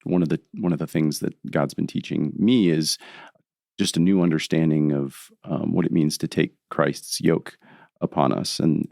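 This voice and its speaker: A man speaking as a podcast guest, explaining his thoughts in a reflective, unhurried way. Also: very deep voice, gravelly, darkish tone, no room sound, studio quality. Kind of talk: casual podcast conversation.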